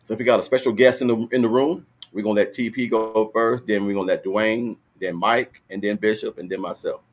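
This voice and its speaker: A man hosts a relaxed online football talk show. His voice sits very low with a husky grain, and he keeps things loose, joking and calling on each guest by turn. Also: fairly quick. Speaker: show host. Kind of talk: casual panel chat.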